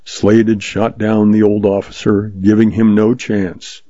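A man narrating pulp western stories in a steady, measured reading. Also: on the low side, no echo. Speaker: story reader, host. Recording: dull lo-fi, dry.

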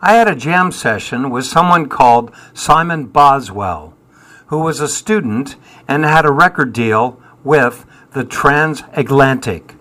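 A man's voice: mid-range voice, lively intonation, a little slow, pushed and bright. A man, answering interview questions in a wry, self-deprecating way with dry humour. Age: 70s. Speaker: musician guest.

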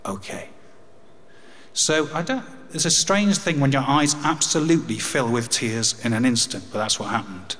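A man's voice: medium pitch, normal speed, fairly bright tone. An English man in his fifties telling a personal story, with wry humour and grief. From England. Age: 50s. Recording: long hall reverb.

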